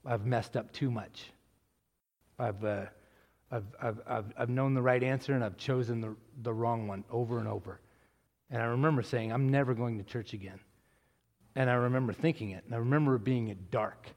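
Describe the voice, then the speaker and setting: A middle-aged man, a pastor, telling his story in a rambling way with many restarts and swelling into loud preaching. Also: medium pitch, normal speed. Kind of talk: testimony answering a question, church talk. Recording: long hall reverb.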